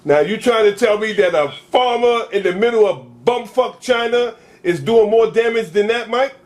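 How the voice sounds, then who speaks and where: High-voiced animated New talk-show host. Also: male voice, normal speed. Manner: animated, storytelling, rambling with slang. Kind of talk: casual talk-show banter.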